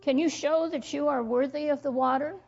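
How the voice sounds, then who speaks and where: A woman's voice: high voice, fairly even intonation, normal speed, creaky, darkish tone, voice pushed up. A woman voicing a stern, fault-finding male village waterman in a read-aloud story, with harsh, demanding announcements. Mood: scornful. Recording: dull lo-fi recording.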